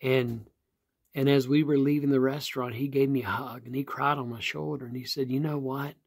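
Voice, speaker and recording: A pastor from Virginia, telling a story in an earnest, plain-spoken way and repeating phrases for emphasis. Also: male voice, medium pitch, steady tone, fairly quick, husky. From West Virginia. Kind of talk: storytelling sermon.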